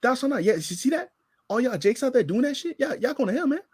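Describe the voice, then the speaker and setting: A man's voice: very high voice, very animated, fast, a little mellow, slight background noise, pitched above the performer's own voice. A man mimicking a ranting street preacher. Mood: condemning. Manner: harsh, preachy, repetitive tirade. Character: ranting male street preacher, scornful and condemning.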